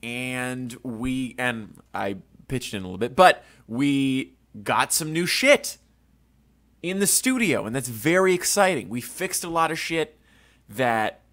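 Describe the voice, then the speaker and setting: A man's voice: mid-range voice, expressive, slow, a bit bright, no room sound. Rambling, crude young male podcast host. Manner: rambling, self-mocking, crude jokes. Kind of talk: casual rambling monologue. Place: home studio, indoors.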